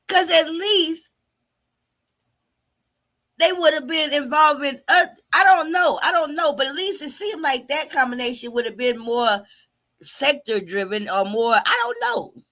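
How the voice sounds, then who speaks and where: Sassy middle-aged woman, bright and forceful, drawling live-stream commentary that repeats and trails off. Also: high-pitched. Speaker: YouTube commentary host.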